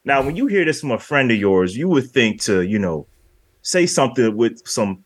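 A man's voice: mid-range voice, very animated, normal speed, no room sound. A man co-hosting a casual film discussion podcast, rambling through scenes and acting out lines from the movie. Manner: rambling, acts out movie lines in quoted voices. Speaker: podcast co-host.

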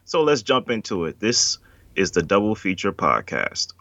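A man's voice: lowish voice, big pitch swings, normal speed, vocal fry, bright, forceful tone, dry recording. A man delivering a scripted podcast intro with a co-host. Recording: dull, muffled sound.

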